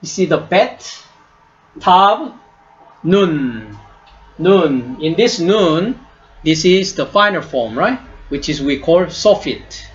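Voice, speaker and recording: A man teaching a class, speaking slowly, repeating each word and checking "right?" with his students. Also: fairly high pitch, animated, highs cut off. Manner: slow, repeats words and asks "right?" often. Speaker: Hebrew teacher. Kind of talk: classroom lesson.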